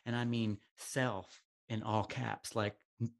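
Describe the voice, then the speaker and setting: A man's voice: on the low side, level tone, slow, creaky. A man hosting a casual podcast conversation, reflective and thinking aloud with many ums. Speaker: podcast host.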